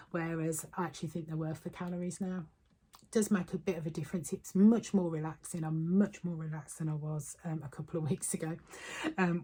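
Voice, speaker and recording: A woman vlogging in a chatty, upbeat way, pausing often on ums. Her voice sits low and carries a husky, slightly breathy edge. She talks casually and directly to her viewers. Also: warm tone. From United Kingdom. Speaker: weight-loss vlogger. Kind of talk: casual chat to camera.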